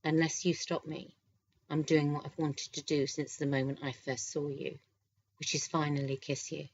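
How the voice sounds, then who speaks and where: A flirtatious, quietly confident boss who teases in a soft voice, read by a woman narrating a romance audiobook. The voice sits low, with an easy, unhurried charm. The sound is slightly dull and lo-fi. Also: flat delivery, breathy edge.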